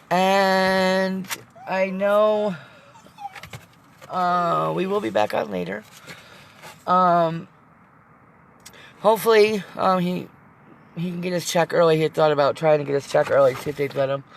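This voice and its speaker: A woman's voice: fairly low pitch, gravelly, slight background noise. A middle-aged woman chatting on a live vlog from inside her van, rambling, emotional and teary at times, with some swearing. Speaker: vlogger. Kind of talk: casual live-stream chat.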